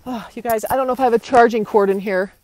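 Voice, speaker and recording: Outdoors by a courthouse, a young woman hurries along while livestreaming from a phone in her hand, agitated, indignant and repetitive. She talks fast in a fairly high voice with a darkish tone and fairly even intonation. The recording is rough.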